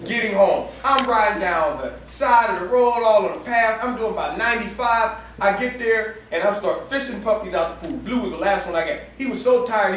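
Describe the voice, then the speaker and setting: Animated preacher man, high voice, echoey hall. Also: a little hiss or hum. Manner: animated, laughing storyteller with colloquial speech. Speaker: campus ministry preacher. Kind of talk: storytelling sermon. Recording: echoey room heard from far off.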